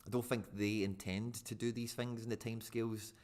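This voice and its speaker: Casting: male streamer, slightly low voice, chatty and excitable, loose live-stream delivery. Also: a little fast. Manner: chatty and excitable, rambling with many fillers. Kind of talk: casual live-stream chat, reacting to viewers.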